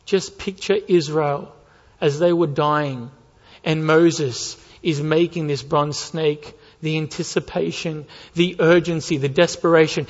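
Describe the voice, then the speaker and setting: Male pastor, sermon, impassioned and urgent, slightly high voice, long church reverb, muffled recording. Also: fairly even intonation, a little slow. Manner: impassioned preaching, building to urgent near-shouts. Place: church sanctuary.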